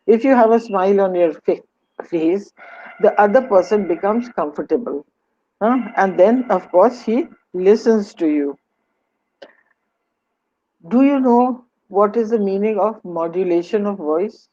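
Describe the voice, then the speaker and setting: A woman's voice: medium pitch, a little slow, dark tone, muffled recording. A woman with an Indian English accent giving a webinar lecture, teaching in an instructive way, asking rhetorical questions and slipping into Hindi. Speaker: webinar speaker on communication skills.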